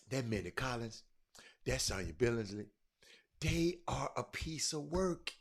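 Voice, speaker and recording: Excitable man hosting a sports talk stream. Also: medium pitch, a little slow, gravelly, slightly rough. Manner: loud, excitable, calls out viewers by name; Southern vernacular, y'all and ain't. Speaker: sports talk show host. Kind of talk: casual livestream chat reading comments.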